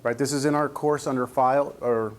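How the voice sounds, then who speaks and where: A man's voice: medium pitch, steady tone, a little fast. A man teaching a math class, explaining each step and checking in with the students. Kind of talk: classroom lecture.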